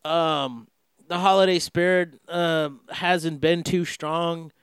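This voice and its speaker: A man's voice: a little high, fairly even intonation, takes it slowly, fairly bright tone, clean tone, no room sound, clean studio sound. A young man hosting a podcast, rambling through a casual monologue full of filler words and swearing. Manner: profane, heavy filler words, meandering. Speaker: podcast host.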